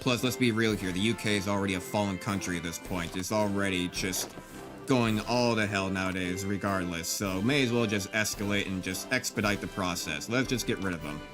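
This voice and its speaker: A man's voice: fairly low pitch, a little fast. A man giving casual, joking gameplay commentary with mock-grandiose outbursts and frequent laughter. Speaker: gaming YouTuber. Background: game music.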